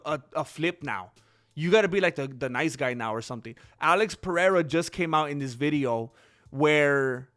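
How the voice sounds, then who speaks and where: Chatty man rambling on a livestream. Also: fairly high pitch. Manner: rambling, animated, talks to chat viewers. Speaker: livestream host. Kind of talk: casual livestream chat.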